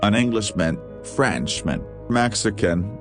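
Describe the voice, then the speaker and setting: Low-voiced man reading jokes. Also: expressive, slow pace, over music. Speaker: joke reader.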